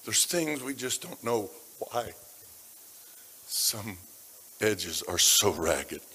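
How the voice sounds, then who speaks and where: A man preaching a sermon, telling stories about people from his congregation, dropping to a hush and then rising to loud emphasis. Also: on the low side, big pitch swings, very slow, breathy edge. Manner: dramatic shifts between hushed and loud. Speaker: pastor. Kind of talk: sermon storytelling. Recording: long reverb of a large hall.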